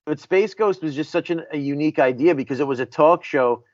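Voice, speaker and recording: A man's voice: fairly high pitch, a little fast, a little mellow, dry recording. A man co-hosting a podcast, chatting casually and recounting things he loved with eager restarts. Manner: enthusiastic, storytelling, some restarts. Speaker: podcast co-host. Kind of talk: casual chat. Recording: dry, dull lo-fi audio.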